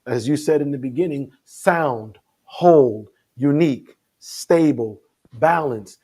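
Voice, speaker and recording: A man, a guest speaker on a panel, talking reflectively in measured phrases and listing words one by one. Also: mid-range voice, warm tone, slightly rough.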